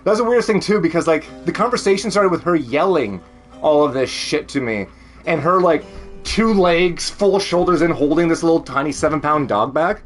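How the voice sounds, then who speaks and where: A man with a Canadian accent and a fairly high-pitched voice chats casually at home on a stream, sounding animated and speaking fairly quickly. He rambles, laughs a lot and swears freely, with soft background music.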